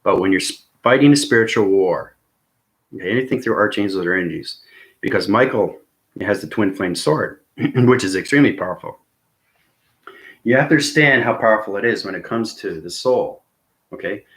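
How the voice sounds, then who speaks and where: A man with a lowish voice talks straight to his viewers in a long, rambling vlog monologue. He is intense and earnest, and he keeps tagging his sentences with "okay?" and "right?" to check that they are following. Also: lively intonation, normal speed. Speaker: spiritual vlogger.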